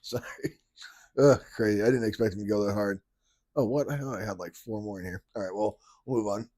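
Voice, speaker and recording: Incredulous ranting podcast host, dry sound. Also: male voice, lowish voice, brisk, warm tone, no room sound. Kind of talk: casual commentary.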